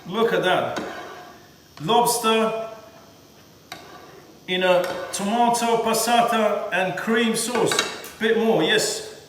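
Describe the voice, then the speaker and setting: High-voiced man cooking, echoey and distant. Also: slow, pauses often, fairly bright tone, slight background noise. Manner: chatty, repeats himself. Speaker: home cook. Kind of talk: casual cooking demonstration. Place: home kitchen. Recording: echoey kitchen from far off.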